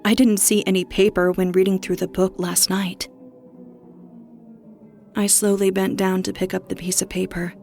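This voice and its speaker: A woman reading a first-person horror story as narrator, steady with a tense edge. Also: mid-range voice, moderate pace, gravelly, pauses often, faint music behind.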